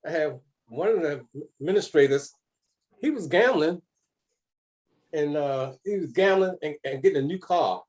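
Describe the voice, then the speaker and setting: A man's voice: on the high side, animated, normal speed, long pauses, a little mellow. An older man, a football coach, reminiscing casually and correcting himself as he goes. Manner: rambling, self-correcting.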